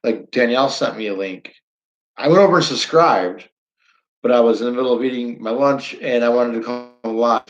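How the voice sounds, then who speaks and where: A man hosting a casual live stream, chatting loosely with his viewers and reading their comments aloud. He rambles and repeats words as he goes, at an ordinary pitch. The audio is dull and lo-fi. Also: normal speed.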